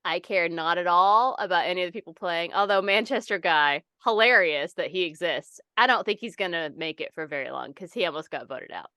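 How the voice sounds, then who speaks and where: A young adult woman co-hosting a podcast in casual chat, animated and swearing, acting out people's reactions. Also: on the low side, a little fast, few pauses, clean tone, no echo, studio quality. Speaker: podcast co-host.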